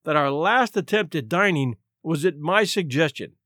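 A man voicing a quiet, dryly ironic, down-and-out gentleman in a story reading. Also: a little high, expressive, moderate pace, dry recording, clean studio sound.

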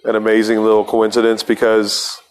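A man's voice: fairly low pitch, monotone, moderate pace, smooth. A man hosting a podcast, telling a rambling, profane story in a casual monologue with laughs between lines. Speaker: podcast host.

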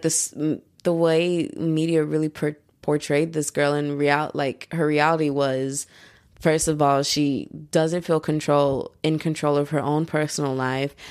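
A woman's voice: low voice, smooth, no echo, clean studio sound. A young adult woman from the United States hosting a podcast, talking in a rambling, slangy way with a lot of filler "like". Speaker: podcast host. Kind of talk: casual podcast monologue.

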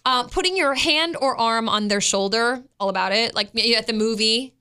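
A woman in her thirties co-hosts a relaxed talk show, laughing often and giving her opinions freely. Her voice sits a little high and rings bright and forceful. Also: moderate pace, clear, resonant tone. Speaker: co-host. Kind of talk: casual chat.

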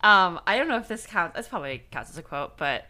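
A woman's voice: lowish voice, sing-song, quick pace, sharp tone. A young woman co-hosting a podcast, chatting casually with playful, overstated enthusiasm. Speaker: podcast co-host. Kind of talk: casual chat.

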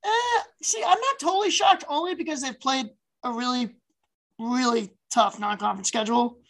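A woman's voice: sits high, normal speed, fairly bright tone, low-quality recording. A woman co-hosting a sports podcast, chatting casually and animatedly with plenty of fillers. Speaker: podcast co-host.

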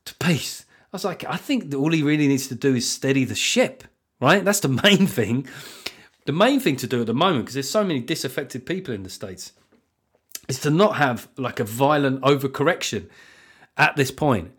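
A man hosting a comedy podcast, riffing sarcastically with frequent swearing and mocking asides, recorded so the levels clip now and then. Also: mid-range voice. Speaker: podcast host. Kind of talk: comedic solo podcast rant. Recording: levels topping out, sounds lo-fi.

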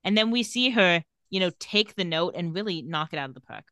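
Lady recapping tv episode, kinda low voice, bright, sarcastic asides. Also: expressive, brisk, dry recording. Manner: retells scenes and reads quotes with light sarcasm. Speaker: podcast co-host recapping a TV episode. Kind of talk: casual recap chat.

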